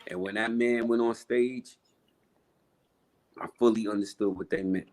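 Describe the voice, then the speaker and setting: A man, telling stories in a casual interview, blunt and animated. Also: fairly low pitch, measured pace, very noisy. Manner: blunt, profane, animated storyteller. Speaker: rapper guest.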